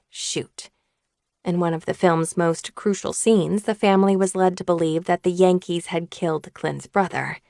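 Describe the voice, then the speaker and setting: A woman narrating an audiobook in a steady scripted reading. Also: fairly low pitch, no room sound, studio quality.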